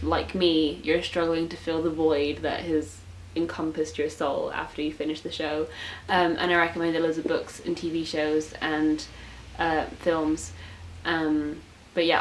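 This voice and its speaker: A woman's voice: low voice, little pitch movement, measured pace, rough recording. Chatty young woman, gushing. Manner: chatty and gushing, with filler words and self-mocking asides. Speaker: book vlogger. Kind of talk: casual chat. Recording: faint hiss.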